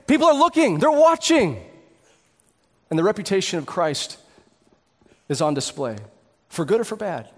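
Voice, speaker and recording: Earnest high-voiced male pastor preaching. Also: very animated, moderate pace, long pauses, in a large hall. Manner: earnest, builds to emphatic peaks with repeated words. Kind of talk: sermon.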